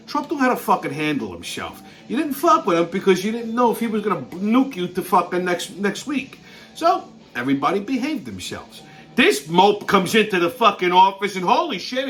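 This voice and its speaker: A man's voice: high voice, fairly bright tone. A man hosting his show, ranting bluntly in a heavily profane monologue and laughing through his own stories. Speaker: show host.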